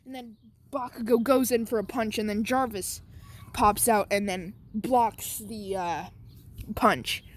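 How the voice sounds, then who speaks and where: A woman's voice: on the high side, fairly even intonation, measured pace. A woman casually telling a made-up fan story, rambling with many fillers. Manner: rambling, lots of "like" and "um".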